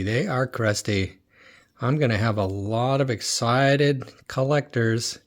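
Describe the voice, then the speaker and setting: Chatty man thinking aloud over collectibles. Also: mid-range voice. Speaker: toy car collector and dealer. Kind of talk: casual unboxing commentary.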